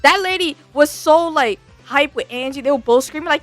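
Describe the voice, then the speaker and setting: A woman's voice: high-pitched, moderate pace, over music. A woman VTuber telling a story in a casual, slangy rant, swearing freely. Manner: animated, slangy, swears a lot.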